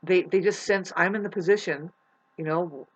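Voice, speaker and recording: A woman vlogging a rambling spiritual monologue, swearing often, restarting her sentences, and swinging between loud outbursts and hushed asides. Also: lowish voice, moderate pace, highs cut off. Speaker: astrology vlogger.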